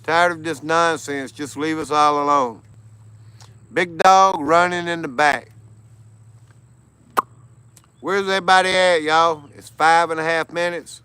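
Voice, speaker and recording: A man's voice: on the high side, fairly even intonation, moderate pace, sharp tone, clear, resonant tone. A tired American man hosting a casual livestream, greeting chat viewers by name and laughing often. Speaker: livestream host.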